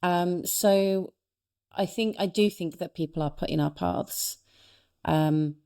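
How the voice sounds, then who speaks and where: A middle-aged woman guest on a podcast, telling a personal story with earnest warmth and frequent restarts. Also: on the low side, slow pace, smooth. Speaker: guest, speaker and coach. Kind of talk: reflective storytelling in a podcast interview.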